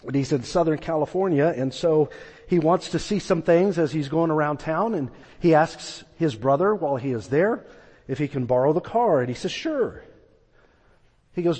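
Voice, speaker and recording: Recorded amid the long echo of a big hall, this preacher tells a story during his sermon and performs its quoted voices. He sounds a little high, husky, and darkish in tone.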